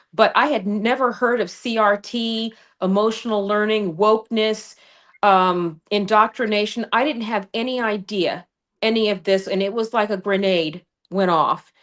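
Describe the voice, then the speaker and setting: Her voice is mid-range and steady, and she keeps a moderate pace. As a guest on a livestream, this woman running for Congress recounts her story with fire and combativeness, calling in from a home studio over video through a remote streaming microphone.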